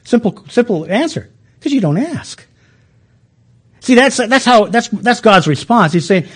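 A middle-aged man preaching a sermon as a pastor, animated and often restarting with repeated words. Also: high-pitched, measured pace, pauses often, breathy edge.

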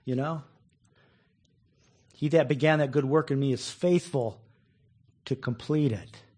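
A man's voice: mid-range voice, normal speed, darkish tone. A man preaching a conversational sermon, chuckling often and acting out people's complaints. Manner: conversational, laughs often, acts out quoted complaints.

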